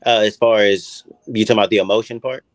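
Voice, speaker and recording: A man speaking as a podcast guest, soft-spoken and hesitant. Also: lowish voice, steady tone, fast talker, dry recording. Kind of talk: casual podcast conversation.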